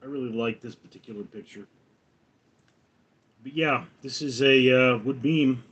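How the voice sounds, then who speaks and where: A man's voice: mid-range voice, a little slow, a bit bright, breathy edge, dull audio. A slightly tipsy man hosting a casual livestream, rambling and joking as he answers viewers' chat one by one. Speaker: livestream host reading chat.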